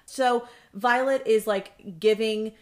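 A woman's voice: fairly high pitch, steady tone, slow. Female co-host, casual book-club chat, emotional and gushy. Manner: emotional, gushing, chatty. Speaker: podcast co-host.

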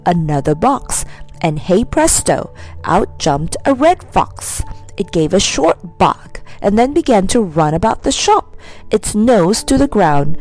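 A woman narrating a children's storybook in an expressive, animated reading. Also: lowish voice. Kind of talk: scripted narration.

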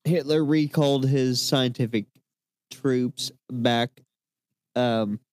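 Podcast co-host, male, mid-range voice, halting delivery from notes. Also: medium pitch, darkish tone, dry recording. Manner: reads notes with fillers and pauses. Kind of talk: casual podcast chat.

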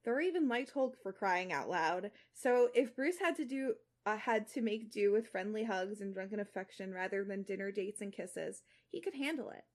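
A woman's voice: mid-range voice, animated, moderate pace, hardly any pauses. A young woman podcast co-host reading fan fiction aloud and chatting animatedly, full of fillers.

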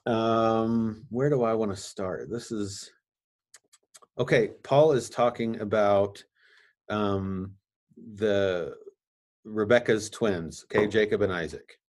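Low-voiced guy on a podcast reading bible verses, stops to explain stuff casually. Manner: reads scripture aloud with halting asides. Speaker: podcast host.

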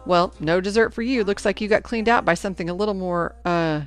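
A woman's voice: mid-range voice, fairly quick, soft background music, close to an everyday voice. A woman reader voicing a sassy, teasing teenage girl who is the narrator's best friend. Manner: teasing, breezy. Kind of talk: audiobook character voice.

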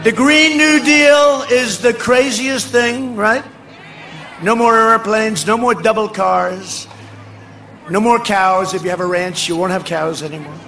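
An older man giving a boastful, rambling campaign rally speech outdoors, ad-libbing to the crowd and often shouting. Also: high-pitched, unhurried. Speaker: political speaker at a rally. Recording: speech over a faint crowd and noisy ambience.

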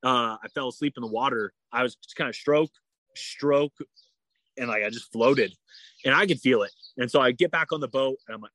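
A male guest who does endurance sports rambles through a long personal anecdote in an informal interview, stumbling into restarts and filling gaps with "like" and "you know." He speaks fairly quickly in a mid-range, fairly bright voice, without echo.

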